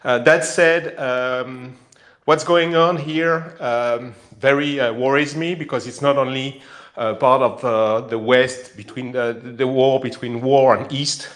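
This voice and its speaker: A man with a French accent speaks up in an online voice chat. He is emotional and halting, full of pauses and restarts as he reaches for the words. His voice sits at an ordinary middle pitch. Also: fairly even intonation, a bit bright. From France. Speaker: caller. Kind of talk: live audio chat.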